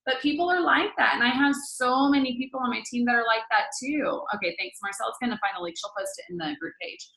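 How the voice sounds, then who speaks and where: A woman's voice: fairly high pitch, fast, creaky, few pauses, pushed and bright, roomy sound, poor audio. A woman in her thirties leading a casual book-study talk, blunt and matter-of-fact. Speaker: team leader hosting a book study.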